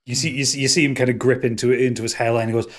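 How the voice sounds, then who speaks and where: A man narrating a tabletop game as game master, in a loose, halting way with many restarts. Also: medium pitch, level tone.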